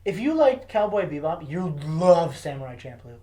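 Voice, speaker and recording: Excitable young man chatting. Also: a little high, normal speed. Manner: excitable, enthusiastic, slangy. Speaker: podcast co-host. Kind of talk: casual chat.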